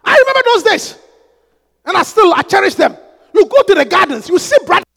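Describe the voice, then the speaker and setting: A man preaching a fervent sermon, swinging from hushed asides to shouted prayers and bursts of speaking in tongues. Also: very high-pitched, big pitch swings, brisk, creaky. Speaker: pastor. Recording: echoey hall with long reverb.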